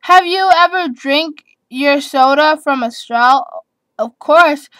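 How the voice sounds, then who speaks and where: Brief: eleven-year-old girl vlogger, high-pitched, chatty and giggly, dry close sound. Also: takes it slowly, fairly bright tone, no room sound. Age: child, eleven. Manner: chatty, giggly, rambling with restarts and repeats. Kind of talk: casual chat answering tag questions.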